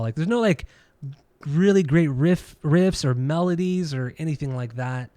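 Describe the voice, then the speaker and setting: A man's voice: fairly high pitch, lively intonation, moderate pace, dark tone, no echo. Opinionated, swearing man co-hosting a podcast. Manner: opinionated, swears freely, argumentative. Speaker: podcast co-host. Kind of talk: casual chat about music and records.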